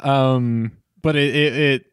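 A man's voice: medium pitch, steady tone, slow pace, clear, resonant tone, no room sound, clean studio sound. A young man co-hosting a casual movie-review podcast, rambling and swearing with many "like" fillers. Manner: rambling, profane, filler-heavy, lots of "like". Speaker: podcast co-host.

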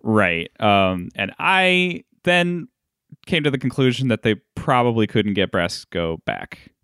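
A man with a fairly low voice chatting casually on a podcast, working through his thoughts with plenty of pauses and filler words. The recording is dry and close, with no room sound. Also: expressive, fairly bright tone, smooth, no room sound. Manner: thoughtful, hesitant with many ums. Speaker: podcast co-host. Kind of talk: casual chat.

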